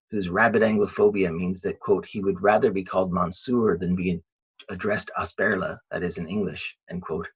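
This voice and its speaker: A man giving a measured, read-aloud academic lecture on literature, calling out each quotation he cites. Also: deep voice, slightly rough. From Ireland. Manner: measured, reads quotations aloud with "quote" and "end quote". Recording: dull lo-fi recording.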